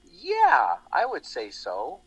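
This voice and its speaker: A man's voice: mid-range voice, sing-song, normal speed, fairly bright tone, slightly rough, poor audio. A man hosting a talk show, rambling animatedly with lots of restarts in casual political chat. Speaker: radio show host.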